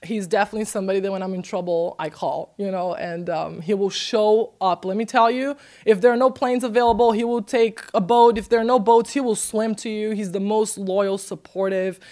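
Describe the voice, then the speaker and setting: A young woman from Brazil, a podcast guest, telling a story in casual chat, animated and laughing, acting out quotes in a high voice. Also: brisk, hardly any pauses.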